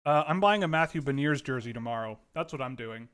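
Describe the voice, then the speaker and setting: A man hosting a casual livestream from home, giving rambling, animated commentary with frequent restarts. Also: medium pitch, brisk, clear, resonant tone. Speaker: livestream host.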